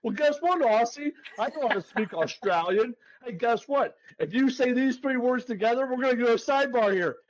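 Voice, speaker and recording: A man co-hosting a sports betting podcast, brash and playful, who keeps calling people "baby" as he pitches his picks. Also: lively intonation, normal speed, low-quality recording. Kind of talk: hyped-up betting picks chat.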